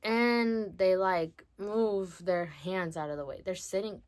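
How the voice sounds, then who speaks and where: A woman's voice: mid-range voice, steady tone, a little mellow. A teenage girl casually telling a story on her vlog in a chatty, slangy way. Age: teens. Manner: chatty, slangy, drawn-out delivery. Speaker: vlogger.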